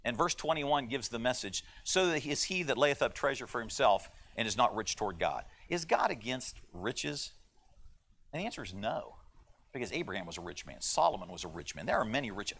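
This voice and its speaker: A man's voice: medium pitch, very animated, brisk, vocal fry, a bit bright. A man teaching a conversational Bible lesson in a church class, folksy and joking as he talks. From United States. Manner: folksy and joking, with playful voices for quoted people. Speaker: Sunday school teacher.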